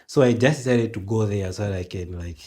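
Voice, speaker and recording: Male interview guest, low husky voice, lively storytelling with voiced quotes. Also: quick pace. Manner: animated, acts out dialogue in quoted voices.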